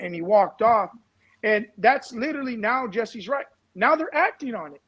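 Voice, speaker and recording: A man on a talk-show panel, telling a story in an animated way. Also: very high-pitched, moderate pace, husky, highs cut off. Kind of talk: casual talk-show discussion.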